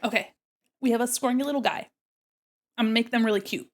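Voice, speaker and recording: Speaking fast in a fairly high voice, a livestreaming artist keeps up a playful, chatty commentary on each thing she does while drawing.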